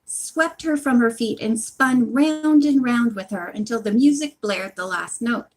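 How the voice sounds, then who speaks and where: A woman's voice: fairly high pitch, measured pace. A woman at home reading a mystery novel aloud, breaking off for chatty, apologetic asides. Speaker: reader of a book series.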